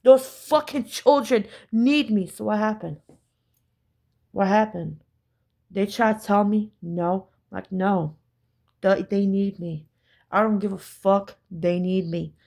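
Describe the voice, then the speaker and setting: A woman's voice: mid-range voice, takes it slowly, creaky, dark tone. A woman telling a story in a casual vlog, profane, emphatic and repetitive.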